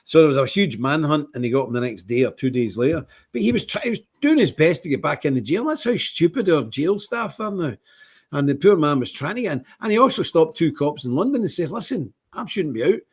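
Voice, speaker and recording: Husky, indignant Scottish man. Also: big pitch swings, fairly quick. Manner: rambling, indignant, lots of restarts and big pitch swings. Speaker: livestream host. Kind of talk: casual live-stream monologue.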